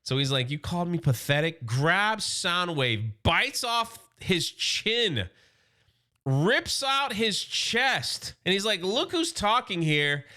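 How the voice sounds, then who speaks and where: A man's voice: high-pitched, bright, forceful tone, clear, resonant tone. A man doing a casual, enthusiastic comic book recap, loosely acting out the characters' quotes.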